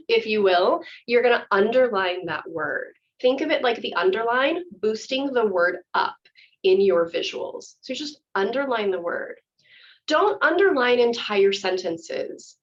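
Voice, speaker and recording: A woman acting teacher giving a chatty, enthusiastic workshop explanation. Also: a little high. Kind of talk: workshop instruction. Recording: dull lo-fi audio.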